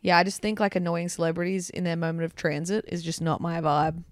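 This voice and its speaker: A young woman co-hosting a podcast in casual, animated chat, telling stories with swearing and laughter. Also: on the low side, fairly quick, dry recording. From Australia. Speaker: podcast co-host.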